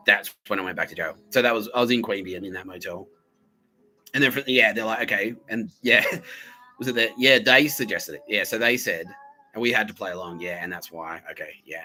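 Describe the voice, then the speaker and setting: A man's voice: sits low, pushed and bright, low-quality recording. A young Australian man hosting a podcast, rambling through a profane monologue, laughing often and doing voices for the people he quotes. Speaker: podcast host.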